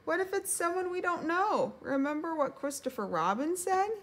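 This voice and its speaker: A woman's voice: very high voice, lively intonation, moderate pace, fairly bright tone, voice pushed up. A woman voicing a small, timid young piglet who stammers nervously in a storybook read-aloud. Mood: anxious.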